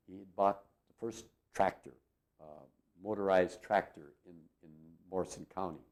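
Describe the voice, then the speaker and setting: A man's voice: low-pitched, fairly even intonation, moderate pace. A man in his eighties from Minnesota, reminiscing in a rambling, chuckling way full of fillers. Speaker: interviewee. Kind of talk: reminiscing storytelling.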